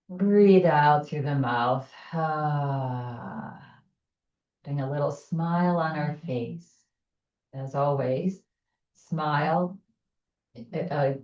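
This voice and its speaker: A woman teaching chair yoga, giving gentle, soothing cues and guiding breathing. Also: deep voice, reverberant, recorded from a distance, dull audio. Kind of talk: guided chair yoga instruction.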